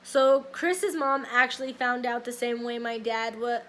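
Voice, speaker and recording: High-voiced young woman telling a story. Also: fairly even intonation, a little slow, a bit bright. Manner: rambling, many likes and ums. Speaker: vlogger. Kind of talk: casual story time.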